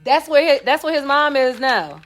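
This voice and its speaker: A lively young woman hosts a casual live chat, often laughing and acting out quoted lines in sudden shifts of voice. Her voice sits a little high for a woman. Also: normal speed. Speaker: host.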